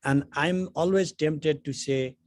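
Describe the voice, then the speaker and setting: A man's voice: on the high side, takes it slowly, darkish tone, no echo. A middle-aged man, a spiritual teacher, giving a conversational philosophy lecture full of anecdotes and "you know" fillers.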